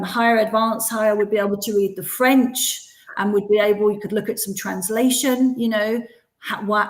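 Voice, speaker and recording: A woman hosting an online session for teachers, explaining practical classroom ideas. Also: mid-range voice. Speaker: webinar host.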